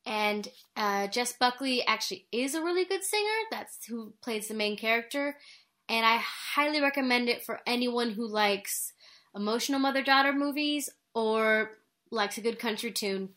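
Bright chatty woman co-host, rambling movie talk. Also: fairly high pitch, moderate pace. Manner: chatty, rambling, laughs often. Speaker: podcast co-host reviewing movies. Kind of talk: casual chat.

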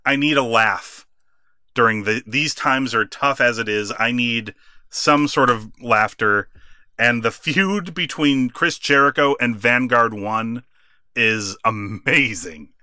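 A man co-hosting a wrestling podcast, chatting casually, laughing often and acting out quotes with animated bursts. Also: medium pitch, slow, smooth, no echo. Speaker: podcast co-host.

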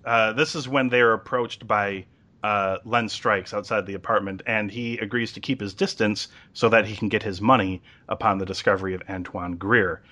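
A man's voice: fairly low pitch, fairly even intonation, normal speed, sharp tone. A man casually recapping a TV episode as a podcast host, chatty with lots of ums and uhs.

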